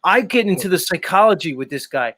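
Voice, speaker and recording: A casual male stream host with a slightly high voice, chatting loosely and swearing as he rambles. The sound is dry and close, with no room echo. He talks as if to friends on a live panel. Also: animated, sharp tone. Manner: loose, swears freely, drawn-out asides.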